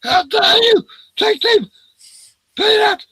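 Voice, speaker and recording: A man voicing a shrill, indignant middle-aged woman shop worker who scolds customers. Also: expressive, measured pace, gravelly, fairly bright tone, slightly rough, no room sound, full character voice. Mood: outraged.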